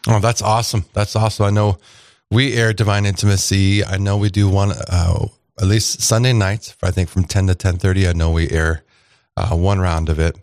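A man's voice: low voice, little pitch movement, moderate pace, darkish tone, no room sound, studio quality. A man hosting a casual radio talk show, chatty and rambling with plenty of fillers and restarts.

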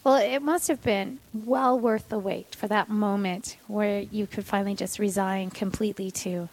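A woman's voice: medium pitch, steady tone, moderate pace, a little mellow, slight background noise, low-quality recording. A woman hosting an interview, asking questions in an encouraging way. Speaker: host.

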